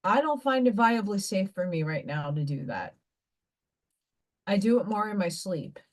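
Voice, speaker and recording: Lively intonation marks this woman's medium-pitched voice as she talks at a moderate pace on her livestream. She's candid and rambling, swears casually, and reads oracle card messages aloud between chat.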